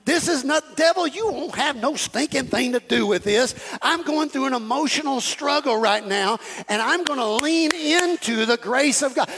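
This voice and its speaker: A man preaches a lively sermon in a strikingly high voice. His tone has a gravelly rasp, and he keeps acting out little conversations and repeating phrases for emphasis. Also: noisy background. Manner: animated, acts out dialogues, repeats phrases. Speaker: pastor.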